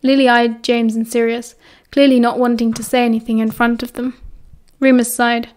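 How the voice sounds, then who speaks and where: A woman with a British accent reading an audiobook in steady, even narration. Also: on the high side, moderate pace. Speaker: audiobook reader. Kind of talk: fan fiction audiobook narration.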